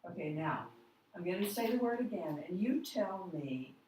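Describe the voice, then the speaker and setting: Low-voiced lady teacher going slow through a phonics lesson, echoey classroom. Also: animated, dark tone, a little hiss or hum. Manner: patient, deliberate, models words slowly.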